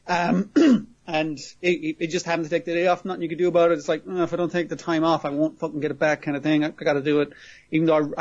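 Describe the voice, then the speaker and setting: Rambling man recapping an episode. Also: fairly high pitch. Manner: rambling, laughs often, swears casually. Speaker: podcast host. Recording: muffled lo-fi audio.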